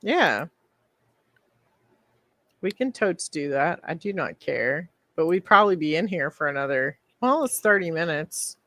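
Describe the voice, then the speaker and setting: A woman's voice: sits low, big pitch swings, measured pace, fairly bright tone. A woman co-hosting a podcast in casual chat, chatty and teasing, who laughs easily. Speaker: podcast co-host.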